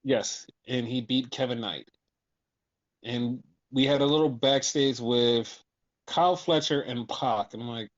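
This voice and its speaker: A man chats casually as a podcast host, breaking down wrestling shows with animated, profane energy. He slips into quoted voices as he tells the story, and the audio sounds dull and lo-fi. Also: mid-range voice, unhurried. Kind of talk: casual chat.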